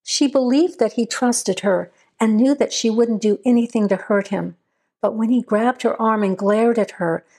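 A woman narrates a horror story with a steady, measured reading style. Her voice sits a little high, and she keeps the delivery even and controlled.

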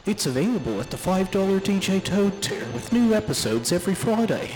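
A man voicing a smooth-talking male radio guide from a game, coaxing and insistent in every request. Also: sits high, very animated, fairly quick, a little mellow, faint music behind, poor audio.

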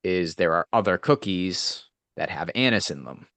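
A man co-hosting a podcast with a very low voice and a dry, deadpan way of joking. He chats casually and stays calm. The sound is close and dry. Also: normal speed, vocal fry, dry recording. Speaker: podcast co-host. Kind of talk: casual chat.

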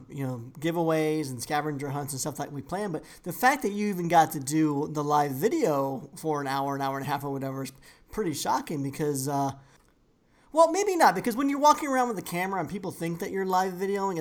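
A man co-hosting a podcast, chatting casually and telling rambling stories with lots of fillers. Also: a little high. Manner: rambling, laid-back storytelling. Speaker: podcast co-host. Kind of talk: casual chat.

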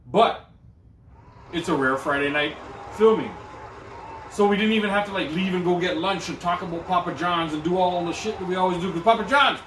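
A man's voice: sits high, a little fast, background noise. A man co-hosting a podcast in rambling casual banter, swearing often and restarting his sentences. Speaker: podcast co-host. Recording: roomy sound.

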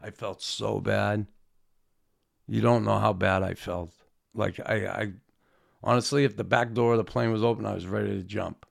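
A man with a low, gravelly voice tells old stories in a rambling, halting way. He restarts his sentences often and swears without a second thought. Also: steady tone. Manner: swears casually, self-deprecating. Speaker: former hockey player telling stories. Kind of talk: casual storytelling.

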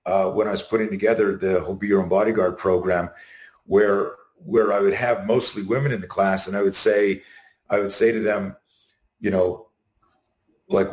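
A middle-aged man being interviewed, talking in an animated way and acting out the quotes in his stories. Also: fairly low pitch, normal speed. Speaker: guest. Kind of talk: casual interview. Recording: roomy echo.

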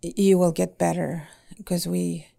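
A woman language teacher in casual podcast talk, speaking haltingly with many fillers and "eh?" tags. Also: lowish voice, little pitch movement, vocal fry, mellow.

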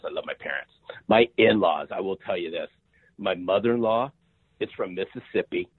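This low-pitched, slightly rough voice belongs to a fifty-something sales author guesting on a podcast. His interview talk is energetic and emphatic, full of repeated words and frequent "right?" checks. The recording is dry yet tinny, as if over a phone line.

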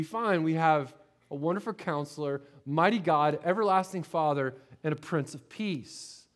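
High-voiced pastor telling a story. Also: male voice, moderate pace. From Florida. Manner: conversational storytelling, repeats words, asks the congregation "right?". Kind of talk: sermon with personal story. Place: church sanctuary.

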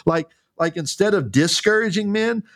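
A man's voice: high-pitched, expressive, normal speed, no room sound, clean studio sound. A man co-hosting a podcast, talking earnestly and fervently, with many restarts and fillers. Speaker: podcast co-host. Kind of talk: casual conversational podcast.

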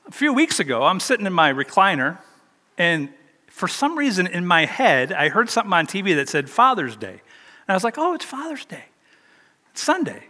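A man's voice: a little high, sharp tone, long reverb tail. An older man preaching a sermon, telling a personal story in a chatty, self-deprecating way. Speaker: pastor.

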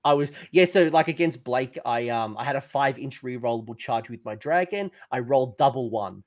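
A man co-hosts a casual tabletop gaming chat. His voice sits in a middle pitch, and he rambles in a loose, self-mocking way about his bad luck. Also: normal speed. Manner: chatty, self-mocking, animated complaining. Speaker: podcast co-host.

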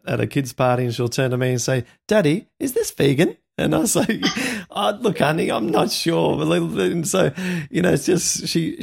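A man's voice: medium pitch, creaky, slightly rough. An Australian man hosting a podcast, chatting casually and rambling a little with fillers. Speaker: podcast host. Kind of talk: casual chat.

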